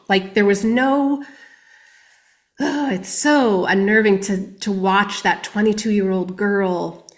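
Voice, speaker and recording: A woman giving candid personal testimony as a guest on a podcast interview, reflective and often speaking quietly. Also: mid-range voice, slow pace.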